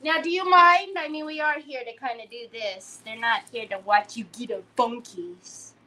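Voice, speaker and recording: A woman's voice: on the high side, moderate pace, sharp tone. A woman hosting a crafting livestream in casual chat, playfully teasing and fondly scolding a pet while she works.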